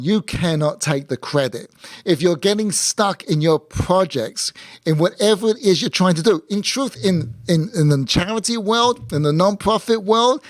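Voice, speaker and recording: A man teaching a Torah class as a rabbi, lively and acting out quick imagined conversations, often asking "right?". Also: high-pitched, no room sound, studio quality. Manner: animated, acts out imagined dialogue, many "right?" tags.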